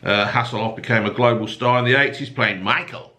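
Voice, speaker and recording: A middle-aged man rants through tabloid headlines in a rambling, mocking way, swearing freely. His voice is bright and forceful, and it sits at an ordinary pitch for a man. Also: steady tone, a little fast. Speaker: comedic news commentator. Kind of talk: rambling profane rant reading tabloid news.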